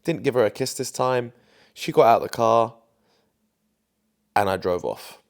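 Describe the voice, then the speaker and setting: A man's voice: mid-range voice, a little slow. A young man telling a dating story to camera in a chatty, confident way, full of fillers. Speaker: dating coach.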